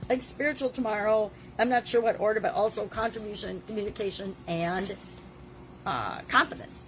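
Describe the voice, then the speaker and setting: Woman in her 60s, has a cold, scratchy throat, blunt chatty daily journal vlog, coughs sometimes. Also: mid-range voice. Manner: emphatic, plain-spoken, coughs now and then. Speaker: vlogger.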